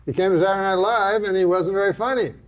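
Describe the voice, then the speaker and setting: A middle-aged man chatting casually, rambling in a deadpan way with many pauses. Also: high-pitched, slight background noise. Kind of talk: casual chat.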